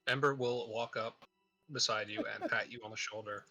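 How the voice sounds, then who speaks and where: A man playing a tabletop game, making quick joking asides and narrating his character's actions. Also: on the low side, fairly even intonation, bright, forceful tone, soft background music. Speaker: player. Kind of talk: casual tabletop game chat.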